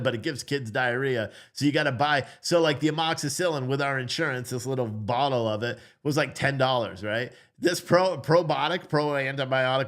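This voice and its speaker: A man who is a father, telling a story in a casual, animated way, blunt and swearing, acting out the voices in it. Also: medium pitch. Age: adult father. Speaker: vlogger.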